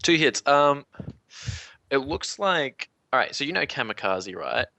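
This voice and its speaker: A man's voice: mid-range voice, sing-song, a little slow, vocal fry, sharp tone. A man running a tabletop game as game master over voice chat, rambling and searching for words.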